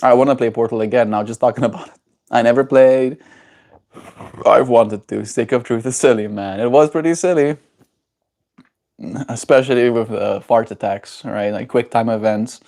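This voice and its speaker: A man's voice: medium pitch, moderate pace, long pauses, darkish tone. Chatty South African man streaming. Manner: rambling, chuckling, reacting to chat. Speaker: livestreamer. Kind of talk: casual live-stream chat.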